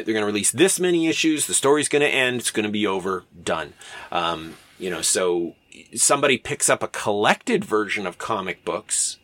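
Male lecturer, casual and digressive, bright tone. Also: lowish voice, no echo. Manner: chatty, digressive, with frequent fillers and asides.

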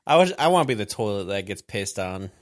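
A man's voice: lowish voice, sing-song, fast talker. A man co-hosting a casual comedy podcast, chiming in with short, dry jokes. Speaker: podcast co-host.

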